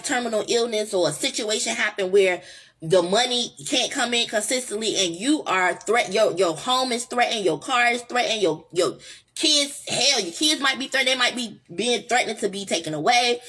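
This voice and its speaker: A woman's voice: medium pitch, a bit bright, slightly rough. A woman hosting her own vlog, talking in an earnest, rambling way with lots of fillers and restarts. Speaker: vlog host. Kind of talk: casual heartfelt monologue.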